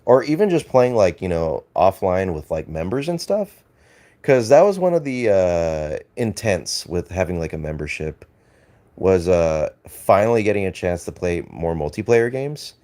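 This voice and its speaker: A man's voice: sits low, very animated, moderate pace, dark tone. An Australian man streaming, chatting casually with viewers in a rambling, hesitant way full of fillers and restarts, swearing and laughing easily. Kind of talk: casual live-stream chat, reading and answering chat.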